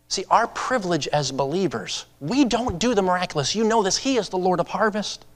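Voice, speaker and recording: A male preacher giving a sermon, swinging from impassioned urging to hushed personal storytelling. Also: animated, a little fast, hardly any pauses, long reverb tail. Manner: impassioned, rising in pitch and volume to urge; hushed and confessional when telling stories.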